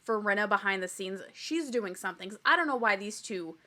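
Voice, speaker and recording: A woman's voice: medium pitch, lively intonation, fairly quick, sharp tone. A young adult woman hosting a podcast that recaps a reality TV show. She talks bluntly, swears freely, and mimics the people she quotes. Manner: opinionated, blunt and profane. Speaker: podcast host.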